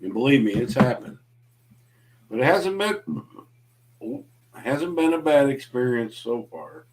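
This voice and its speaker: A man's voice: medium pitch, expressive, unhurried, slight background noise. Teasing, joking man on a livestream. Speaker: guest on a livestream. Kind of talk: casual late-night chat.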